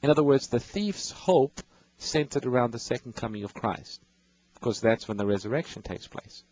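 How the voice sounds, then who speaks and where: A man's voice: medium pitch, animated, normal speed, darkish tone, no room sound, low-quality recording. A man hosting a radio Bible call-in show, patiently explaining scripture and reading verses to callers.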